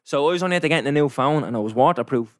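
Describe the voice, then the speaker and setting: A young man with an Irish accent rattles through a travel story at a quick clip. He talks casually and animatedly, with plenty of slang and swearing. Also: mid-range voice, expressive, no echo, clean studio sound. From Ireland. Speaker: storyteller in a chat. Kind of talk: casual chat.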